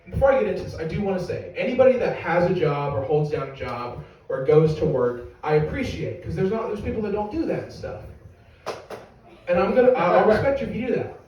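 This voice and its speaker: A man's voice: high-pitched, big pitch swings, fast talker, dull audio, slight background noise. A young adult man doing stand-up comedy, telling a rambling, profane, self-mocking story to a live audience. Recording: echoey room from far off.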